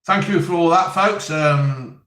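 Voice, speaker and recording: A chatty man in his fifties hosts a casual live stream, reading out comments and cracking jokes. His voice sits a little high, and the room around him rings with echo. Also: measured pace, a bit bright. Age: 50s. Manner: chatty, jokey, reads viewer comments aloud.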